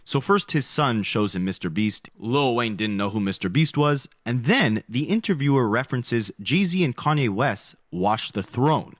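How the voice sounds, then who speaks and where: A man's voice: medium pitch, lively intonation, dry recording, studio quality. Man narrating a commentary script. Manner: brisk, explanatory, listing points.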